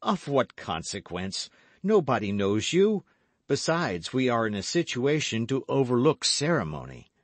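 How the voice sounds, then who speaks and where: A man's voice: medium pitch, sing-song, a little slow, dry recording, voice pushed up. Man playing a gallant young guardsman. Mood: earnest. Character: bold young male guardsman, earnest and gallant.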